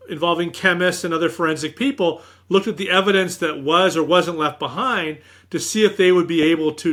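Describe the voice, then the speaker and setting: Bright-voiced middle-aged male author. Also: fairly high pitch. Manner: animated anecdotes, acts out quoted speech. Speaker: author guest. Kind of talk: interview storytelling.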